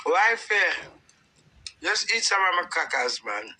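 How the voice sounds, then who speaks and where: Bright-voiced Jamaican woman streaming live. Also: mid-range voice, sing-song, measured pace, slight background noise, rough recording. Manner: chatty, warm patois, preaching about life's troubles. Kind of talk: casual live stream chat.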